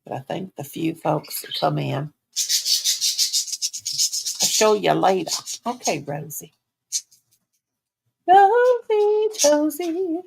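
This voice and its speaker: Slow-talking, gravelly woman chatting on a livestream. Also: low voice. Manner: chatty, talks to herself and coos at her pets in baby talk. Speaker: livestream host. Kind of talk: casual livestream chat. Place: at home.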